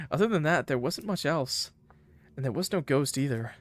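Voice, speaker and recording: A man's voice: fairly high pitch, animated, a little slow, no room sound. A man streaming a game, reading its text aloud in first person and breaking off for joking asides to his chat. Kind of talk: reading a game's text aloud with live commentary.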